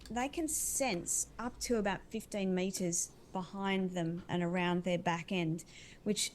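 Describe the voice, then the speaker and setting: A woman's voice: fairly low pitch, measured pace, darkish tone, slight background noise. A woman acting as an animal communicator, describing intuitive visions in an earnest, dreamy, winding way.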